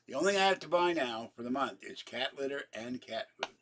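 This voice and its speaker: A man's voice: medium pitch, expressive, a little fast, fairly bright tone. A man rambling on a home livestream, wandering between complaints and asides with frequent restarts. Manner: meandering, complaining, with many restarts and laughs. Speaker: YouTuber livestreaming. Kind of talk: rambling casual live chat. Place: home apartment.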